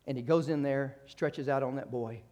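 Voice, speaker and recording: A man preaching a sermon, retelling a story with acted quotes and frequent restarts, moving from loud rising exhortation to quiet conversational asides. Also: mid-range voice, moderate pace.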